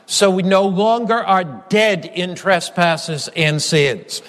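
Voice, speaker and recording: High-voiced male preacher in a reverberant hall. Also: slow pace, hardly any pauses, fairly bright tone. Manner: emphatic, repetitive preaching cadence. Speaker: pastor. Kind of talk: sermon.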